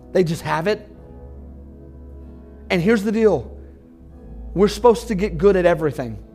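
A pastor preaching an emphatic sermon to his congregation about marriage. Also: high-pitched. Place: church.

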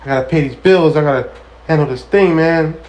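A man imitating a grown male friend who keeps insisting he needs money, in a higher and louder voice. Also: a little fast, lo-fi sound, lightly acted. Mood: pleading. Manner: pleading, insistent.

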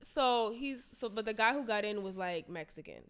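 A young woman telling a story in casual chat, slangy and animated, acting out the quotes. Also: mid-range voice, moderate pace.

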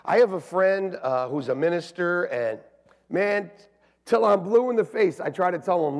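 A male pastor preaches an animated storytelling sermon in a church, swinging from hushed asides to loud bursts as he acts out the people in his stories. His voice sits high and carries a gravelly, husky edge. It rings out with a long reverb through a large sanctuary. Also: normal speed.

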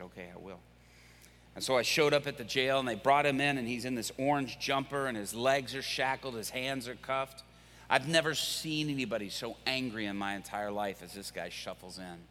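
A male pastor preaching, telling a story with lively acted-out quotes. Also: medium pitch. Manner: animated, acts out quoted voices. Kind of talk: sermon storytelling. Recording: echoey hall.

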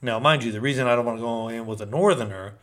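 A man's voice: medium pitch, quick pace. Man from Northern California, casual storyteller, slangy and rambling, mid-range voice. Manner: slangy, rambling, street talk. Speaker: storyteller recounting prison life.

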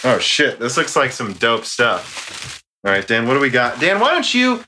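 A man's voice: medium pitch, wildly swooping pitch, normal speed, very noisy. A man co-hosting a podcast in casual chat, joking, swearing and stumbling over foreign words. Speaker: podcast co-host. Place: home recording during quarantine.

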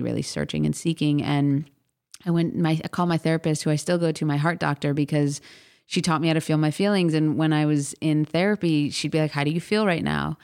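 A woman's voice: deep voice, a little mellow. A woman in her thirties, a podcast guest chatting casually, talking in rambling runs full of fillers and restarts and acting out what others said. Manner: chatty, many fillers and restarts, acts out quotes. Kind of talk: casual interview chat.

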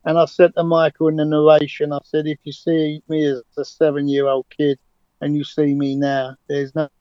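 A man's voice: on the high side, monotone, moderate pace, dark tone, clear, resonant tone, dry recording, muffled recording. A man, a cab driver talking confidently and emphatically as an interview guest, with frequent restarts. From England. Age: 60s. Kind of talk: remote interview, conversational storytelling.

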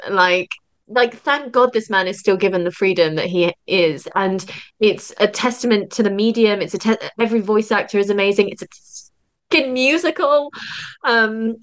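A woman's voice: mid-range voice, normal speed. Young woman guest, effusive and emotional, laughs often, casual roundtable chatter. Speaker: podcast guest.

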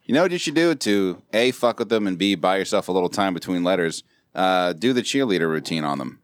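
A man's voice: deep voice, a little fast, no echo, clean studio sound. A man co-hosting a podcast, joking and swearing in casual chat. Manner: joking, animated, swearing freely. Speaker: podcast co-host.

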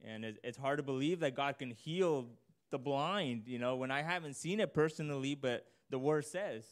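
A man preaching in a relaxed, conversational way, reading scripture and then unpacking it in his own words. His voice is smooth and clear at a middle pitch. When he presses a point he grows louder and higher, earnest rather than polished. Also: normal speed. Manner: earnest, conversational, rising intensity on emphasis. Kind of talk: informal sermon with scripture reading.

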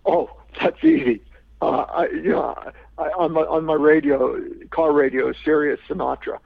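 A man in a podcast interview tells a long story, circling back with restarts and repeated words. His voice is heavily gravelly and a touch high. It comes through a tinny, phone-like line with a dry sound. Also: normal speed, no room sound. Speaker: podcast guest. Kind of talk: anecdotal storytelling.

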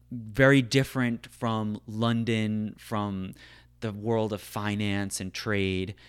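A man's voice: medium pitch, clear, resonant tone. A man talking through history in a loose, conversational way, full of "like" and "right?". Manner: loose, filler-heavy talk, frequent "right?" and "like". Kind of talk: conversational discussion.

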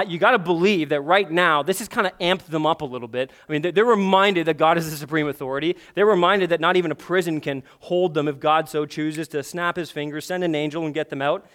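Male pastor, high-pitched voice, emphatic sermon delivery with loud urgent swells and quiet intimate stretches, rhetorical questions. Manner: emphatic, swings between loud urgent passages and hushed intimate ones; conversational asides and rhetorical questions.

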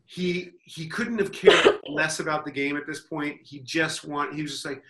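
A man telling a comic story on a panel podcast, rambling and amused with himself, breaking into loud mock quotes. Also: fairly high pitch, moderate pace, few pauses.

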